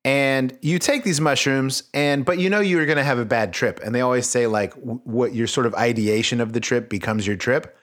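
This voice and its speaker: A man's voice: medium pitch, moderate pace, few pauses, fairly bright tone. A man hosting a comedic podcast, reading a children's book aloud with joking asides that drop into mumbles. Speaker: podcast host.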